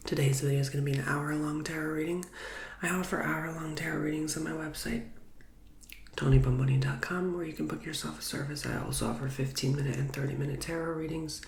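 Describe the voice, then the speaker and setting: A man gives a whispered ASMR tarot reading in a soft, casual way. His voice is nasal and a little stuffy from a recent illness, with a gravelly, creaky edge. The recording sounds roomy and echoey. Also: fairly high pitch, fairly even intonation, quick pace, slight background noise. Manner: soft, casual, with many fillers. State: recovering from illness, slightly stuffy.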